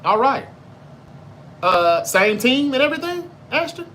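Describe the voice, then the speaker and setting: A man's voice: extremely high pitch, sing-song, a little slow, bright, forceful tone, a little hiss or hum. A Southern American man from Memphis hosting a live show, chatting casually, reading viewer comments and answering them with loose, profane talk. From Memphis, Tennessee. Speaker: livestream show host.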